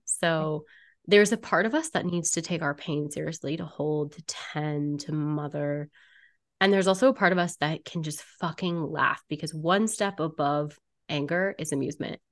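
A woman's voice: low voice, normal speed. A woman talking as a podcast guest about energy work, blunt, playful and often swearing. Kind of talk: casual podcast conversation.

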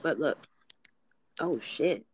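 A man co-hosting a podcast in casual chat, telling relaxed stories in slang. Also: on the high side, takes it slowly, husky. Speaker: podcast co-host.

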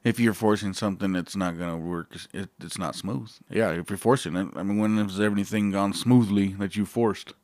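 A man's voice: low voice, steady tone, fairly quick, few pauses, a little mellow, dry recording. A stand-up comedian in his forties, a man talking loosely in a casual interview, swearing freely and laughing often.

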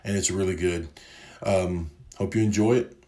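Easygoing low-voiced man in an echoey room. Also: normal speed. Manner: relaxed, rambling, with fillers and self-corrections. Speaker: podcast co-host. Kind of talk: casual conversational podcast chat. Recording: roomy echo.

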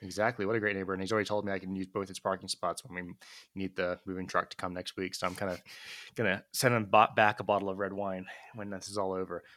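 A man's voice: sits low, little pitch movement, quick pace, fairly bright tone, dry recording, clean studio sound. A man from California co-hosting a podcast, telling chatty anecdotes in casual conversation. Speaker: podcast co-host. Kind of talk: casual chat.

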